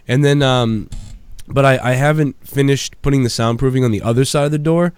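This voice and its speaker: A man's voice: medium pitch, fairly even intonation, brisk, clean tone, dry recording. Rambling, profane man hosting a podcast. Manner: rambling, profane, laughs a lot. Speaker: podcast host. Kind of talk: casual chat. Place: home basement studio.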